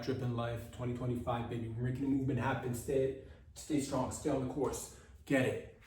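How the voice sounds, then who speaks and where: Male comedy podcast host, mid-pitch, mock-inspirational rambling, roomy sound. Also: a little mellow, a little hiss or hum. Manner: mock-motivational, preachy and absurd, slips into silly quoted voices. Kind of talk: rambling comic monologue. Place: hot indoor room.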